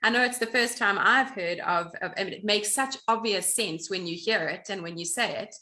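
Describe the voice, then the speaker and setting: A woman's voice: mid-range voice, normal speed, pushed and bright. A woman co-hosting, asking long, rambling questions with enthusiasm. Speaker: co-host.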